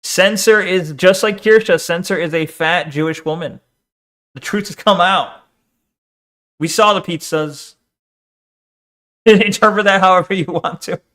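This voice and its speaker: A man with a high, bright voice riffs casually as a streamer reacting to clips. His talk is crude and profane, full of teasing and quick laughs. The sound is everyday streaming banter.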